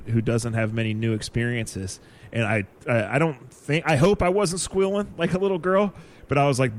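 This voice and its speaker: A man co-hosting a podcast, telling a story in a casual, animated way and laughing easily. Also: mid-range voice. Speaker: podcast co-host.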